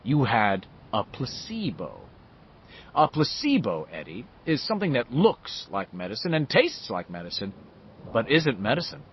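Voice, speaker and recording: A man playing a smug older pharmacist who lectures with dry, controlling calm and lets his pitch rise and fall widely. The audiobook recording sounds slightly muffled, with a faint rumble behind it. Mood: condescending. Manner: measured, lecturing, quietly sharp.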